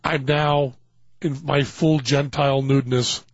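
A man hosting a talk show, telling a long comic anecdote in an animated way and acting out other people's lines. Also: mid-range voice, a little slow, dry recording. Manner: animated storyteller, acting out quoted voices. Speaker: radio show host telling a story. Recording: dull lo-fi dry studio sound.

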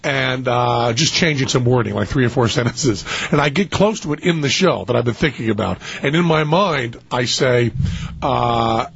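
A man with a raspy, gravelly voice, a guest performer who jokes playfully and laughs a lot in a casual chat. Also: medium pitch, moderate pace, fairly bright tone. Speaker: talk show guest, performer. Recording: dry, dull lo-fi audio.

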